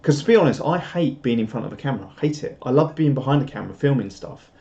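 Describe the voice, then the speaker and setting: A man's voice: mid-range voice, expressive, fast talker, warm tone. A British man hosting a casual live stream and chatting through viewer comments in a rambling, self-deprecating way, chuckling often. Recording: dull lo-fi stream audio.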